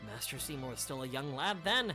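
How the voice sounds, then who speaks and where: A game streamer reading the lines of a devoted old male retainer in a slightly lower, folksy voice. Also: very animated, fairly quick, over music, close to an everyday voice. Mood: proud. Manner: old-fashioned, folksy phrasing. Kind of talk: reading game dialogue aloud.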